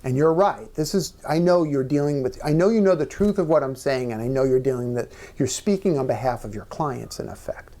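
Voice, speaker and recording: A middle-aged guest speaker shares personal stories earnestly in an onstage conversation at a small members' club event room, sometimes sinking to a near-whisper. His medium-pitched, dark-toned voice moves a little fast with hardly any pauses.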